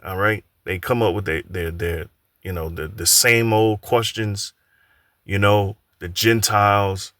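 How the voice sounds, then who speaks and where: A man teaching from scripture in a halting way, often repeating words and saying "all right" between points. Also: lowish voice, bright, forceful tone, no echo.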